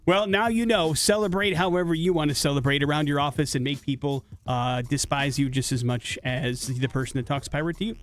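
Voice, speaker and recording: Male radio host, slightly high voice, teasing banter, studio mic, faint music underneath. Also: fairly even intonation. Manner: teasing, quick to needle his co-host. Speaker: radio morning show co-host. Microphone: studio microphone.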